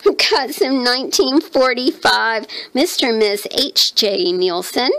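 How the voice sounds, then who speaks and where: Gravelly Southern woman, chatty show-and-tell. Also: on the high side, measured pace, a bit bright, poor audio. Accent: Southern US, North Carolina. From North Carolina. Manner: chatty, rambling, thinks aloud with many fillers. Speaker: mixed media artist showing her handmade journal. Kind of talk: casual show-and-tell chat.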